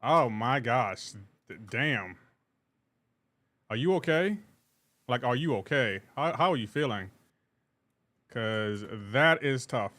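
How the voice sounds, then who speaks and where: A man's voice: medium pitch, animated, takes it slowly, long pauses, sharp tone. A man streaming a game live, chatting casually and greeting his viewers one by one in an upbeat, talkative way. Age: adult with a child.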